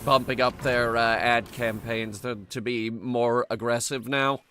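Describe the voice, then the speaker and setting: A man's voice: medium pitch, steady tone, unhurried, pushed and bright, a little hiss or hum. A man streaming a strategy game, chatting casually, laughing and giving orders to his units as he plays. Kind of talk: casual let's-play commentary.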